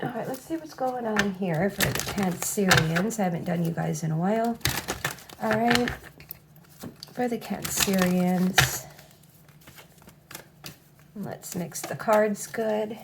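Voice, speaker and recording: A woman's voice: medium pitch, slow, vocal fry, long pauses, very noisy. A woman giving a casual tarot reading, blunt and profane, with a habit of saying "all right" again and again. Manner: blunt, swears freely, repeats "all right". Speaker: tarot reader.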